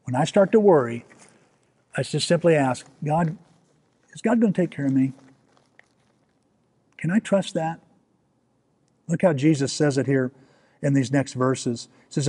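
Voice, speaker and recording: A man with a husky, mellow voice, pitched a little high for a man, preaching a sermon. He talks in a conversational way, stumbling over repeated words as he restarts and turning questions to his listeners. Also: moderate pace, long pauses. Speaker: pastor.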